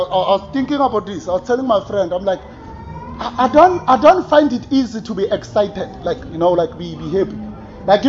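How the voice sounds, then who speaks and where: A man preaching a sermon, animated, swinging between loud exclamations and quiet asides with frequent laughs. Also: high-pitched. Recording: slightly dull recording with faint room ambience.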